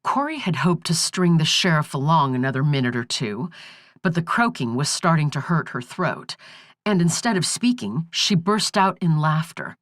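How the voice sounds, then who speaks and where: A woman narrating an audiobook thriller in a measured, expressive reading. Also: low voice, no room sound, clean studio sound. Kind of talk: scripted narration.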